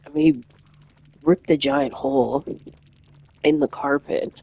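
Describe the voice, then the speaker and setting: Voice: mid-range voice, animated, a little slow, gravelly, warm tone, slightly rough, rough recording. A gaming streamer telling a long anecdote in a casual, rambling way, full of restarts and asides. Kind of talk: casual storytelling while gaming.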